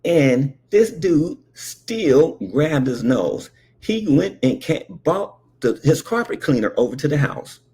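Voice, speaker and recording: A male comic storyteller with a gravelly, husky voice. His pitch swings widely as he builds the story, peppered with little asides to the listener. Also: slow, few pauses. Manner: animated, repetitive asides like okay and all right. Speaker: comedian.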